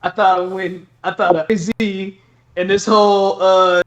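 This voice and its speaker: A man co-hosting a wrestling review podcast, talking in a loose, animated way and laughing as he goes. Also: sits high, a little slow, dull audio. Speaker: podcast co-host. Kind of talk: casual chat, wrestling review.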